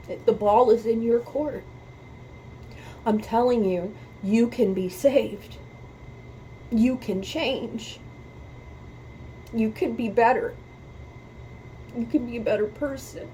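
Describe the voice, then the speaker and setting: A woman's voice: fairly high pitch, slow pace, long pauses, dark tone, slight background noise, poor audio. A woman hosting a music reaction video, talking earnestly about faith and repeating her points for emphasis, close to tears. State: emotional, near tears. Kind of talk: heartfelt talk to camera about faith.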